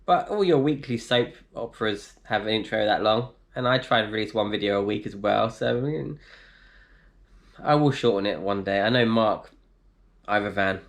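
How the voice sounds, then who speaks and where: A man's voice: lowish voice, normal speed, gravelly. Chatty man answering live chat. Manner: chatty, reads out comments and replies, laughs easily. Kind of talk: casual live stream chat. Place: indoors in a flat.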